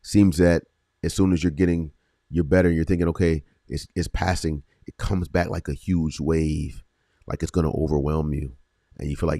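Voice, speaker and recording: A man with a very low voice speaks earnestly as a faith podcast host. He repeats his phrases and leans on slow, emphatic pauses. The sound is dry and close, with no room around it. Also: fairly even intonation, warm tone, dry recording. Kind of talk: encouraging faith podcast talk.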